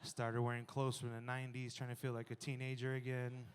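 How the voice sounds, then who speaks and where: A man in his thirties performing a stand-up comedy set, animated and jumping to loud exclaiming in the acted-out bits. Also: medium pitch, fairly quick, clean tone. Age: 30s.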